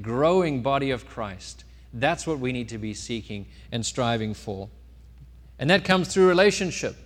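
A man giving a sermon as pastor, telling a story with sudden rises and drops in loudness. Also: mid-range voice. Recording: long reverb of a church hall.

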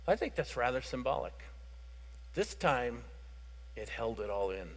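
A man preaching a sermon as pastor, explaining scripture and moving between hushed passages and loud, fervent emphasis. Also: medium pitch, very animated, unhurried. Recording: reverberant hall.

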